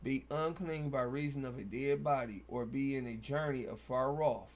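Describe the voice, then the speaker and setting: A man with a medium-pitched voice hosts a casual Bible study at a moderate pace. He reads verses aloud, then riffs on them in loose, slangy commentary.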